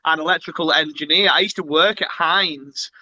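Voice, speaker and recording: A man's voice: on the high side, normal speed, bright, forceful tone. A man with a Cheshire accent hosting a casual online interview, laid-back and matey. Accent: Cheshire, northern English. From Cheshire, England. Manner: laid-back, matey, calls guest bro. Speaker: host. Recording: dull lo-fi audio.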